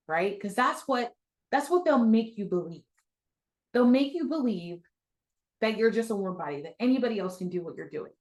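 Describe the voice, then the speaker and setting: A woman business coach telling a story in a masterclass talk, animated, acting out what others said and laughing often. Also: fairly high pitch, moderate pace.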